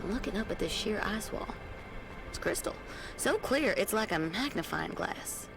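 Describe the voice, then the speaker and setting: An actress voicing a calm, folksy woman trucker in a video game, talking in a drawl. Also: medium pitch, moderate pace, close to an everyday voice. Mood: reflective. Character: weathered, folksy woman trucker stranded in a ravine. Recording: game dialogue over music.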